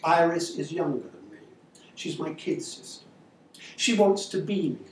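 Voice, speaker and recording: A woman's voice: low-pitched, lively intonation, moderate pace, slight background noise. A man reading aloud, voicing a guarded, theatrical young woman who speaks in a dramatic, confiding way. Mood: brooding. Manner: dramatic, self-pitying, confiding. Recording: echoey room, far-off mic, faint ambience.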